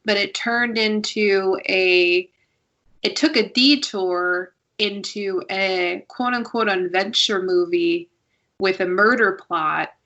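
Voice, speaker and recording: A woman's voice: medium pitch, slow pace, sharp tone, dull audio. A woman hosting a podcast, chatting casually and giving opinions on shows with frequent restarts. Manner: talkative, many restarts, opinionated. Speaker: podcast host. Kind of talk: casual review chat.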